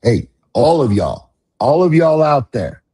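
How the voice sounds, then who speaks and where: A man's voice: medium pitch, big pitch swings, measured pace, mellow, husky. A middle-aged man hosting a podcast, talking in a passionate, profane rant that builds to emphatic outbursts. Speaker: podcast host.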